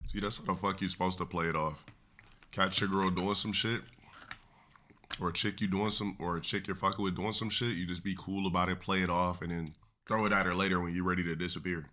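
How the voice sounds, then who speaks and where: A man with a very low voice and a bright, sharp edge gives crude, blunt reaction commentary on his live stream. He dismisses what he is watching in short, cutting remarks. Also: little pitch movement, fairly quick.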